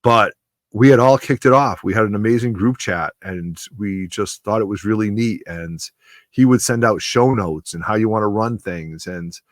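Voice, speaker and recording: Speaking at normal speed into a dry, close microphone, a man in his forties with a fairly low voice pays tribute on his comic book channel. The tribute is sincere and emotional, wandering as he talks.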